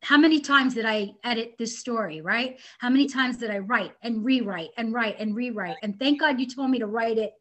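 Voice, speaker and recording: Bubbly woman telling her story, higher voice. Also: brisk, hardly any pauses, a bit bright. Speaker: guest, inventor and entrepreneur. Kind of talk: casual interview chat.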